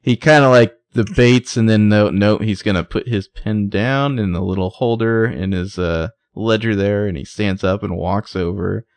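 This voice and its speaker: A man's voice: lowish voice, moderate pace, few pauses, no echo. A man co-hosting a podcast, recapping a show in casual chat and acting out the characters' lines in jokey put-on voices. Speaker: podcast co-host.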